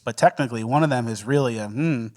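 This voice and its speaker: A young man co-hosting a casual podcast chat, telling stories in a relaxed way and often breaking into laughter. His voice is mid-pitched. The recording sounds close and dry. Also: fast talker, dry recording. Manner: laid-back storyteller, laughs often. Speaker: podcast co-host.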